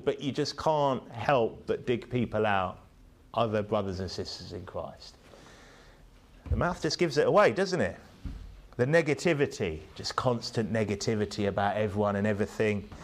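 A man preaching a sermon, rising to emphatic peaks and dropping low on tag questions. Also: normal speed.

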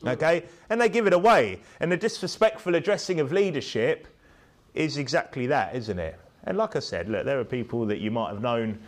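A man preaching a sermon, rising to emphatic peaks and dropping low on tag questions. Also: lively intonation, fairly quick.

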